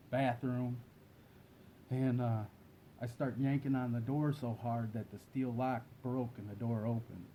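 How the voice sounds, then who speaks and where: Man, dark mellow tone, plain-spoken casual storytelling, faint rumble behind. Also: rough recording. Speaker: guest.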